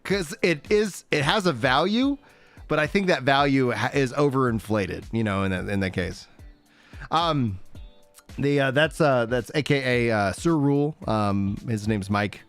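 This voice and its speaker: This livestream host is a man in his thirties whose medium-pitched voice has lively intonation and a slightly bright quality. He speaks unhurriedly in casual chat, rambling, filling gaps with fillers and laughing often, while soft music plays behind him.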